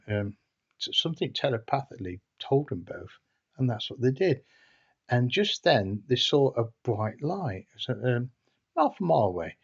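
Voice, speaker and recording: Rambling man, dull lo-fi sound. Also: mid-range voice. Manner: hesitant and rambling, frequent restarts. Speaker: storyteller. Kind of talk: casual anecdotal storytelling. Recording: dull lo-fi recording.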